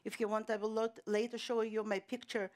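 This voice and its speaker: A woman playing a shaken mother, high-pitched. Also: level tone, a little mellow, natural voice. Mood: wistful. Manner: halting, repeats words and restarts mid-sentence. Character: middle-aged mother who survived a pogrom, shaken but resolute. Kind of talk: one-woman stage monologue. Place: theater stage.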